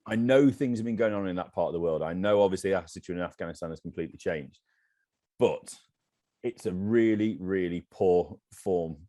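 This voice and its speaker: A man with a deep, low voice co-hosting a podcast in relaxed chat. He speaks bluntly and with strong opinions, often teasing. The sound is close and dry with no room around it. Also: a little fast, dry recording. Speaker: podcast co-host. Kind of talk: casual chat.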